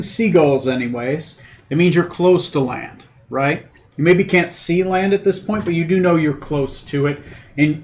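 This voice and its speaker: A man's voice: on the high side, a little mellow. A man acting as game master for a tabletop game, narrating loosely with many fillers and restarts. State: has the hiccups.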